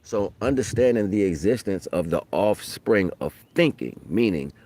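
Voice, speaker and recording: Brief: middle-aged man, low-pitched, streetwise, rambling spiritual talk. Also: lively intonation, moderate pace. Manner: street slang, loose and profane, rises loud for quoted voices. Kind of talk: casual spoken monologue.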